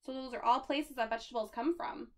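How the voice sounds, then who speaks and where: A woman's voice: high-pitched, quick pace, a bit bright. A woman librarian reading a picture book aloud at a children's storytime, pointing things out along the way.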